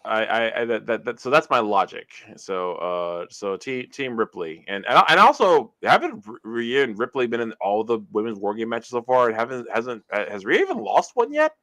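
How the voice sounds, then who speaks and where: Guy cohosting a live stream, super lively voice, keeps stumbling and restarting, bright sharp sound. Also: medium pitch, moderate pace, few pauses. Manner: excitable, stammers and restarts often. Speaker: co-host of a wrestling podcast. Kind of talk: casual live-stream chat.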